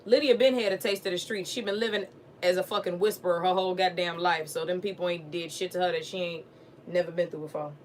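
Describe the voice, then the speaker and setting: A woman hosting a live stream, chatting casually with her viewers in a lively, profane, fired-up way. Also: fairly low pitch, fast, a little hiss or hum. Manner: animated, profane, talks straight to viewers.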